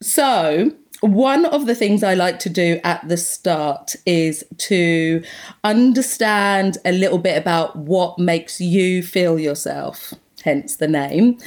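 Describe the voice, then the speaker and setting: A woman hosting a podcast, introducing her show and chatting with her guest in a playful, giggly way. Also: medium pitch. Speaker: podcast host. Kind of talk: casual interview.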